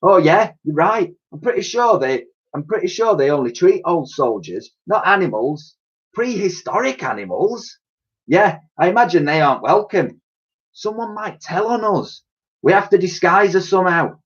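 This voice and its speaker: Man doing a high bubbly lady voice, eager and chatty, kinda husky, dull sound. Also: very animated, moderate pace, exaggerated voice. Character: excitable helpful woman, quick-thinking.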